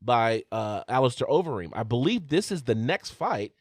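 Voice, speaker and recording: A man's voice: mid-range voice, sing-song, moderate pace, no echo, clean studio sound. A man co-hosting a combat sports podcast, recapping fight results and asking questions in a casual way. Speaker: podcast co-host.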